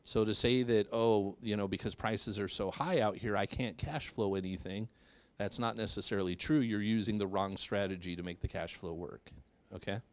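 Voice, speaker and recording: A man's voice: fairly low pitch, normal speed. A man presenting real estate cash-flow ideas at a live seminar, explaining and checking in with the audience.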